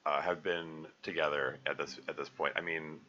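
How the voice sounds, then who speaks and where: A man's voice: rumbling low, level tone, moderate pace, sharp tone. A man giving casual live commentary as a game developer, rambling and hesitant. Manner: rambling, hesitant, many fillers. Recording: dull lo-fi recording with faint music.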